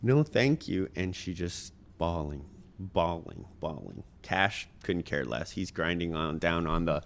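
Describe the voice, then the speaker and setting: A man's voice: deep voice, steady tone, measured pace, gravelly, fairly bright tone, a little hiss or hum. A man in his thirties, a podcast guest, telling a heartfelt personal story in an earnest way with many ums and uhs.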